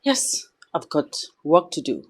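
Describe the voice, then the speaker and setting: A woman in a film drama, speaking calmly and politely. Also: deep voice, slow, breathy edge, exaggerated voice. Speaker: visiting girlfriend.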